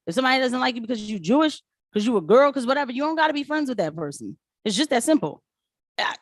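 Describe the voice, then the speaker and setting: Animated woman ranting to her viewers. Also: sits high, no room sound, clean studio sound. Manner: animated, talks back to viewers, mocks voices in quotes. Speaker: political commentary vlogger. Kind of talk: casual live-stream commentary.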